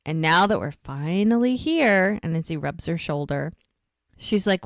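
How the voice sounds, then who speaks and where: A woman's voice: fairly low pitch, normal speed, no echo. A woman co-hosting a podcast, casually recapping a TV episode and acting out the characters' lines. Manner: animated retelling, acts out dialogue.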